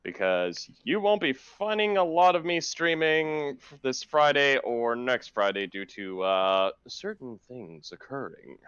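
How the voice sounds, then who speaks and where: A playful man bantering casually, his pitch leaping around. His voice is smooth and resonant, but the recording sounds dry and a little dull. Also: sing-song, measured pace, hardly any pauses, a bit bright, no echo. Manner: playful, lapses into a mock Australian accent. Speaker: streamer guest.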